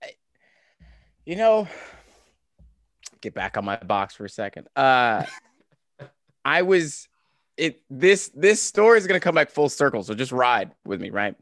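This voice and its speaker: Midwestern man in his 30s, podcast guest, animated and laughing, slight Southern twang, dry close mic. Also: medium pitch, measured pace, long pauses, no room sound. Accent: flat Midwestern American, occasional Southern twang. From Kansas, US. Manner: animated storyteller, laughs often, many restarts. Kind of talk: casual podcast conversation.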